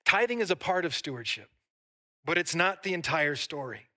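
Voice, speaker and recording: A pastor delivering a sermon in a high, bright voice. He preaches with lively asides to the congregation. He also reads long scripture passages aloud. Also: normal speed.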